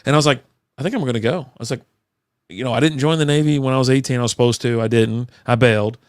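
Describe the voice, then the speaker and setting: A man in his thirties chats casually on a podcast over beers. He rambles through profane office stories at a mid pitch. The sound is dry and close to the mic. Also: steady tone, fast talker, no echo. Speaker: podcast host.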